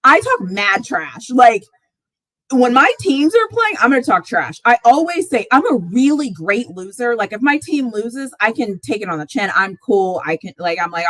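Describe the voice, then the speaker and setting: Animated, high-pitched woman livestreaming. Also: moderate pace, no echo, low-quality recording. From Texas fan, not origin. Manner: animated, laughs often, exclaims in rising squeals. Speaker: sports talk livestream host. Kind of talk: casual live chat.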